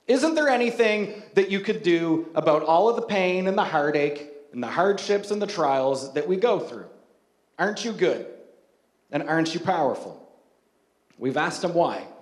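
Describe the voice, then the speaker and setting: Joking pastor with a high, roomy voice. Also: male voice, animated, moderate pace. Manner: humorous, conversational, self-mocking storytelling. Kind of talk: sermon.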